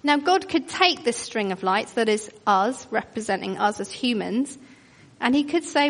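A woman's voice: on the high side, animated, moderate pace. A woman preaching a sermon, earnest and questioning, telling it like a story. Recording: long reverb of a large hall.

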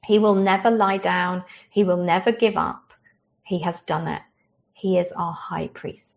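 A woman preacher delivering a sermon in an earnest, gentle, conversational way, ending in prayer. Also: on the low side, fairly even intonation, slow pace, vocal fry.

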